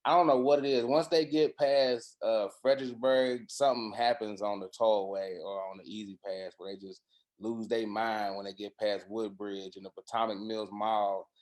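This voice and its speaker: A man telling loose, profane, slang-heavy stories in a casual chat, recorded in a quiet room at home. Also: fairly low pitch, moderate pace. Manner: animated, profane storyteller with slang. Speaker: podcast guest.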